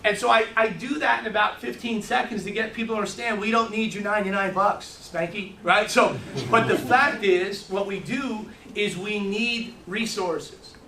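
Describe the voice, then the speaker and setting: High-voiced man telling stories to a room. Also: fairly even intonation, sharp tone, a little hiss or hum. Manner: fast storytelling with lots of restarts. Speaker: sales trainer. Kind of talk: motivational training talk. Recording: echoey room, mic from a distance.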